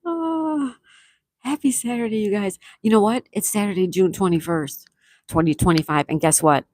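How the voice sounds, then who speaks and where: Middle-aged lady reading her stream chat, giggly and affectionate, lowish voice, dry close sound. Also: steady tone, brisk, darkish tone, no echo. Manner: chatty and affectionate, laughs often while reading comments aloud. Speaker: livestream host reading chat. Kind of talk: casual live chat.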